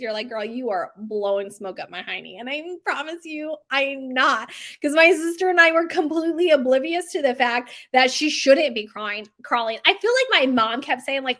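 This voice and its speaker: A woman in her thirties telling family stories in a chatty, animated way, acting out quotes and laughing often. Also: sits high, brisk. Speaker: bakery owner telling stories. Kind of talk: casual storytelling monologue.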